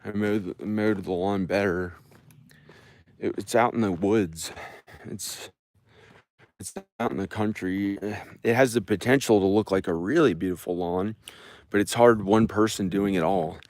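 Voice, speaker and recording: Slow, low-voiced man rambling with sighs. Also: darkish tone. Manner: halting, sighing, many restarts. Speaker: vlogger. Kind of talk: rambling personal vlog. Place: at home and outdoors in the country.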